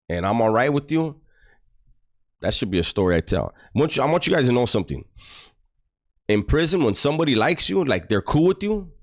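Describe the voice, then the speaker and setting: A man telling profane, animated stories about prison to his online audience. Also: on the low side. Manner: animated, profane, mock-disgusted storytelling. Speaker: YouTuber recounting prison stories. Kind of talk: casual storytelling to a livestream audience.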